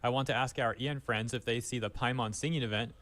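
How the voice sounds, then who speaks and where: A man's voice reading out online comments in an even, flat delivery. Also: mid-range voice, fast, natural voice.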